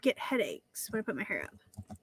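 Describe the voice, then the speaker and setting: A woman's voice: on the low side, wildly swooping pitch, moderate pace, husky, dry recording. Rambling woman on a stream call. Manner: rambling, explaining in fits and starts. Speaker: stream guest. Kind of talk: casual chat.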